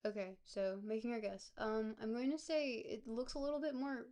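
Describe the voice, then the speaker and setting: A woman streamer, hoarse and gravelly from a cold, chatting casually with her viewers and thinking aloud over a game. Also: on the high side, fairly even intonation, moderate pace, warm tone. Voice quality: gravelly, smoker-like. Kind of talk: casual live-stream gameplay commentary. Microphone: close desk mic.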